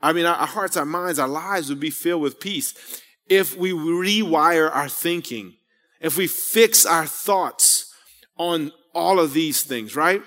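A man's voice: on the high side, a little slow, a bit bright, in a large hall. A man in his thirties preaching a sermon, conversational and rambling, full of asides and rhetorical questions. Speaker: pastor. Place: church sanctuary.

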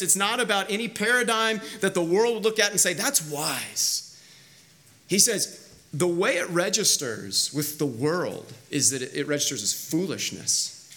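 A man's voice: high-pitched, bright, forceful tone. A man preaching a sermon as pastor, in a conversational, emphatic way with frequent restarts. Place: church sanctuary.

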